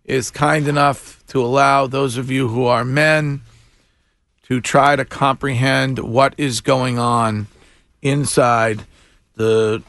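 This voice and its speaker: A man hosting a morning radio show, talking in a wry, animated way with chuckling asides. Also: mid-range voice, slow pace, no echo, clean studio sound. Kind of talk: casual talk radio banter. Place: radio studio.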